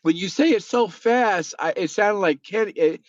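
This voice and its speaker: High-voiced man on dull lo-fi audio. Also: moderate pace, no echo. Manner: short reactive questions. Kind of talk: casual chat. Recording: dull lo-fi dry stream audio.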